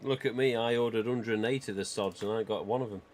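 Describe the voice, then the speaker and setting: Man, low voice, livestream host, rambling casual chat, "you know" fillers. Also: quick pace, darkish tone. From England.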